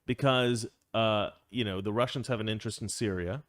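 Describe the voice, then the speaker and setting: A man's voice: lowish voice, fairly quick, a bit bright, no echo, clean studio sound. A man hosting a casual political commentary show, opinionated and rambling, chuckling often as he talks. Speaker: show host.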